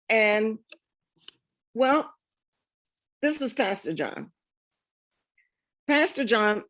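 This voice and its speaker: A middle-aged woman telling her family history to an audience, lively and laughing often as she acts out the conversations. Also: mid-range voice. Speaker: speaker sharing a family memoir. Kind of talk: storytelling talk with slides.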